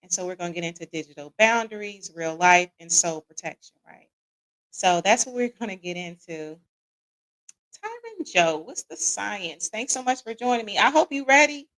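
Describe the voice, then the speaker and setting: In poor audio, an American woman hosts a live relationship talk show, her mid-range voice animated, slightly bright and moderately paced. She chats, names viewers as she greets them, punctuates lines with "right?", and drops casual Southern-leaning words like "y'all."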